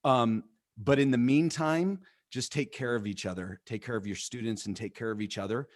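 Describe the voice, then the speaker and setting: A man's voice: medium pitch, moderate pace, no room sound. A man speaking on an education panel, reflective and a bit hesitant. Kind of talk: panel discussion.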